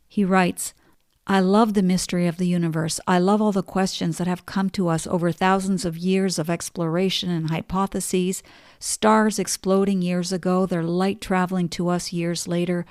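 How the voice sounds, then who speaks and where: A middle-aged woman hosting a podcast, telling stories and reading passages in a calm, measured way. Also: on the low side, no echo, studio quality. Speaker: podcast host. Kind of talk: reflective spoken essay, reading quotes aloud.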